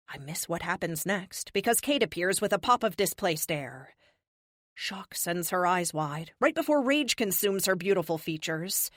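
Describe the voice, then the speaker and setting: A young woman narrating an audiobook in the first person, expressive and dramatic, her pitch rising and falling widely. The recording is close and dry, with no room sound. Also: no room sound.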